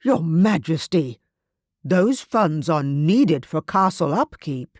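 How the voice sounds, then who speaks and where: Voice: medium pitch, animated, slow, no room sound, clean studio sound. Storybook elder: an old man, haughty and dismissive of common folk, voiced lightly by the narrator. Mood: disdainful. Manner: prim, dismissive. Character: disdainful old male court elder, haughty.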